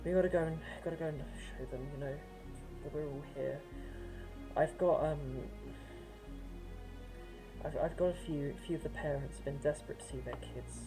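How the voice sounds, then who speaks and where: A woman voicing a hurried village mother. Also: on the low side, very animated, over music, low-quality recording. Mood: eager. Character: hurried, hopeful village mother rounding up survivors.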